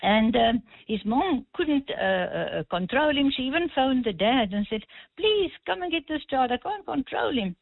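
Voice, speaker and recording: A woman's voice: sits high, big pitch swings, normal speed, gravelly, dry recording. A woman calling in to a radio show, telling a story hesitantly with many ums but firm in her views. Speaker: caller. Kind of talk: phone-in anecdote. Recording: tinny phone line.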